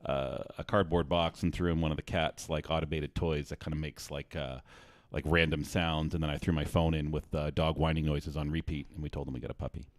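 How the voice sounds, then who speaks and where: A man's voice: rumbling low, little pitch movement, a little fast, no room sound. A man co-hosting a casual live-stream show, cracking jokes and greeting viewers by name. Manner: joking, reads out viewer names. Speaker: co-host.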